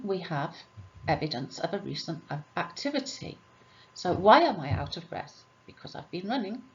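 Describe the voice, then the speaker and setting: A woman's voice: mid-range voice, lo-fi sound. Patient woman teaching English grammar. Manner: patient, asks and answers her own questions. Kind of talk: explaining grammar exercises.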